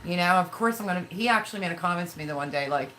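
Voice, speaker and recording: A woman's voice: on the low side, expressive, racing, bright, forceful tone, slight background noise, rough recording. A middle-aged woman hosting a casual live stream, talking candidly and emotionally in a rambling way while reading viewer comments. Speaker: livestream host.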